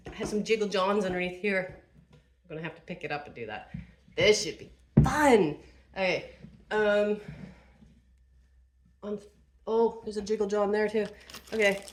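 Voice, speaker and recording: A woman's voice: mid-range voice, moderate pace, long pauses. A woman vlogger narrating casually to herself as she assembles furniture, chatty and self-deprecating.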